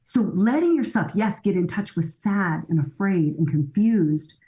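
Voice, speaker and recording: A woman's voice: mid-range voice, animated, unhurried, mellow, low-quality recording. A middle-aged woman speaking as a guest expert in a podcast conversation, earnest and coaching, often acting out bits of dialogue.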